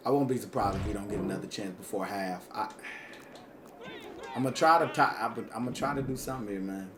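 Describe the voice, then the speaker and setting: A man's voice: fairly low pitch, quick pace, noisy background. A man doing casual, hyped commentary over his own video game, talking straight to his viewers in slangy speech. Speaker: gaming YouTuber.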